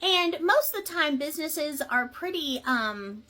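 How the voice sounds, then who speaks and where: A woman's voice: sits high, lively intonation, measured pace, sharp tone. A woman process server telling a story casually in a chatty way, with many fillers and asides.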